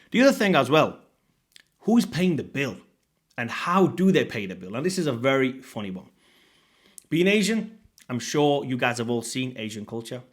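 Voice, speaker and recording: Brit guy late 30s ranting casual to camera, sweary, blunt, voice jumps up and down a lot. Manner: blunt and sweary, lively swings in pitch and loudness. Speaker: fitness coach.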